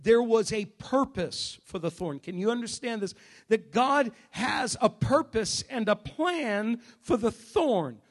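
High-voiced male preacher. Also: animated, slow. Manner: emphatic, swings from shouting to hushed. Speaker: pastor. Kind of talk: sermon. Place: church service.

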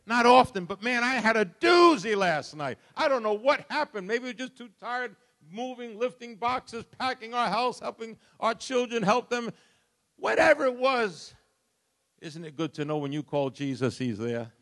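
A middle-aged man preaching a sermon, swinging from soft, low lines to loud, impassioned ones. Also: expressive, moderate pace. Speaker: pastor.

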